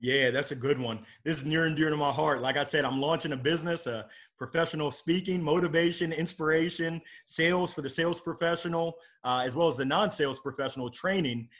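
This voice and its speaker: A man's voice: fairly high pitch, fairly quick, few pauses, fairly bright tone. A middle-aged man speaking as a podcast guest in a casual, upbeat and motivational way about faith and his work.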